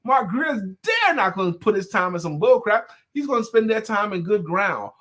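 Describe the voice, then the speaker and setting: A man's voice: high voice, moderate pace. A man co-hosting a live talk show, chatting casually and joking in colloquial speech. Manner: lively, animated, colloquial, joking. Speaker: co-host and sales coach.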